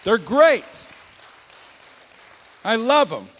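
An older man preaching a sermon, telling folksy stories and swinging between loud and soft. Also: extremely high pitch, big pitch swings, extremely slow, slight background noise. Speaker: pastor. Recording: long echoing hall reverb.

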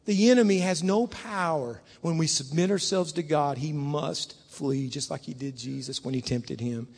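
Male preacher, high-pitched, fervent sermon delivery, big hall echo. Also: moderate pace, gravelly, breathy edge. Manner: fervent preaching that swings from hushed to loud. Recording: long hall reverb.

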